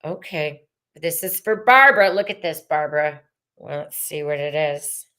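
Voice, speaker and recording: A middle-aged woman giving a slow, meandering live-stream tarot reading, soothing and full of fillers. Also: deep voice, sharp tone. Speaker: tarot reader.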